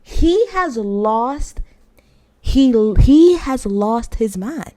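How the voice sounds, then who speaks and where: A woman's voice: high voice, extremely slow. A woman recapping a TV episode in a heated, emphatic rant, full of slang and repetition. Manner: animated, emphatic, slangy storytelling. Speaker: TV show reviewer.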